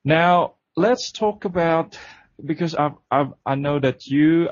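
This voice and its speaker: A man's voice: fairly high pitch, slow pace, no room sound. Hesitant male radio interviewer, dry sound. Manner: hesitant, many fillers, brief acknowledgements. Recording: dry, dull lo-fi radio recording.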